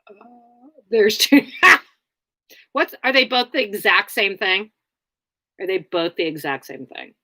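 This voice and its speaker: Slow, bright-voiced woman streaming live. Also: mid-range voice, big pitch swings, dry recording. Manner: rambling, many fillers, blunt. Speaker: livestream host. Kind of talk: casual livestream chat answering viewers.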